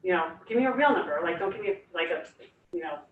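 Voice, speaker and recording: A woman's voice: lowish voice, expressive, quick pace, phone-quality sound, a little hiss or hum. Chatty young woman in an echoey room. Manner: enthusiastic, chatty, fillers like "like" and "you guys". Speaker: guest speaker. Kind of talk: casual motivational talk. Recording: echoey room, far from the mic.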